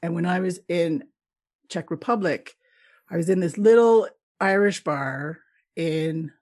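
A woman's voice: on the low side, a little slow. Chatty laughing woman telling travel stories. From Canada. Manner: lively, laughs often, acts out quoted people. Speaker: guest traveller. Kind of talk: casual storytelling interview.

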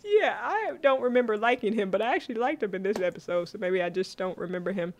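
Animated laughing woman podcast co-host. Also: mid-range voice, fast talker, slight background noise. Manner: animated, laughing, dramatic retelling. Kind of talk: casual chat reviewing a sitcom.

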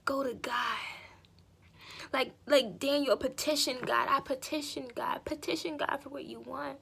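A woman giving a fervent spoken testimony to God, pleading and intense, dropping to breathy whispers and then rising loud. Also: sits high, fairly even intonation, unhurried.

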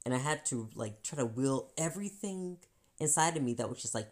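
A woman co-hosting a podcast, talking candidly about feelings in an animated way, often acting out voices and laughing. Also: a bass voice, brisk. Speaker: podcast co-host. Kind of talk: candid personal chat.

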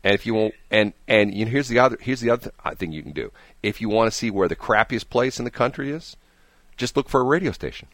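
Speaking quickly and animatedly in a lowish, somewhat bright voice, a man hosts a morning radio show over a studio microphone with no room sound. His casual on-air chatter wanders through jokey anecdotes, and he frequently says the same words twice.

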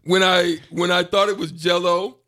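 A man co-hosting a radio show in casual chat, animated and playful, laughing often. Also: high-pitched, moderate pace.

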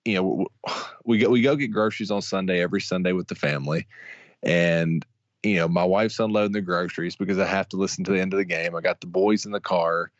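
A fairly low-voiced man co-hosting a sports podcast. He rambles, stops and restarts as he talks about his team. His voice comes through a dull, muffled, dry line. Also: dry recording. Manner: rambling, halting, many restarts, excitable fan. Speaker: podcast co-host. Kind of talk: casual sports talk.

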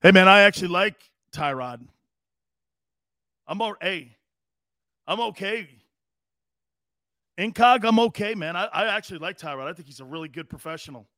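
A man's voice: high-pitched, lively intonation, moderate pace, long pauses, pushed and bright, no echo, clean studio sound. A man hosting a sports talk show, ranting in a brash, mocking way with profanity.

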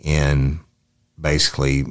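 A man with an extremely deep voice reads an interview transcript aloud. A police detective, he delivers it in a matter-of-fact, deadpan way. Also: slow pace.

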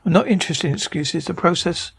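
Man doing a ruthless war chief, curt, threatening, gravelly. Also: high-pitched, quick pace, heavily acted. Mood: cold.

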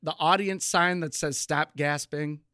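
A young man co-hosts a podcast in a playful mood, spinning jokes out of nothing. His voice is slightly high. It is recorded dry and close with no reverb. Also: fairly even intonation, a little slow, pushed and bright. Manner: joking, playful riffing. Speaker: podcast co-host. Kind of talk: casual chat.

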